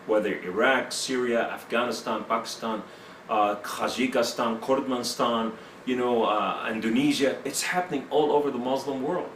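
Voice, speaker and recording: A man's voice: mid-range voice, fairly even intonation, normal speed, a bit bright, a little hiss or hum. A man giving his personal testimony in an interview, speaking broken English with many fillers. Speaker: interview guest. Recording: echoey room, mic at a distance.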